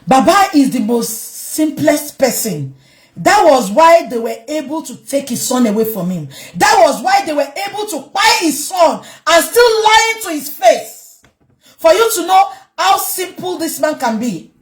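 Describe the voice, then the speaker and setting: A woman with a Nigerian Yoruba accent delivers heated vlog commentary. Her high voice swings up and down in pitch as she drives her points home. She often breaks into emphatic shouts. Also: sing-song, measured pace. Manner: emphatic, switches between English and Yoruba, bursts into shouting. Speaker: online commentator.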